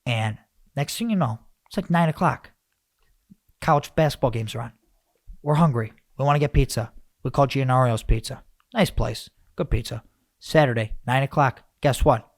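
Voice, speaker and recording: A man hosting a podcast, rambling and animated as he rants, with lots of restarts. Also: mid-range voice, normal speed, no room sound, clean studio sound. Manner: animated, rambling, self-interrupting. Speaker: podcast host. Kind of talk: casual podcast rant.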